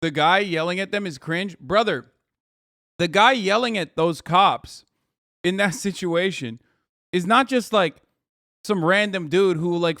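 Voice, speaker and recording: A man's voice: sits high, fairly bright tone, no echo, clean studio sound. A man in his thirties casually commenting on a video as a streamer, profane and mocking.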